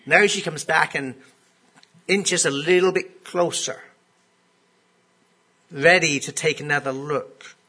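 Husky-voiced preacher, bright and conversational. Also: male voice, fairly high pitch, slow pace, pauses often. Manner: conversational, asks the listeners questions. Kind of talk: sermon.

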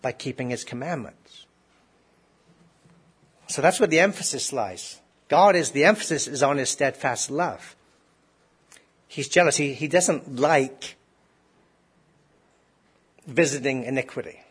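Husky-voiced man preaching a sermon. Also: medium pitch, expressive, measured pace, long pauses. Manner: conversational preaching with rhetorical questions and restarts. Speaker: pastor.

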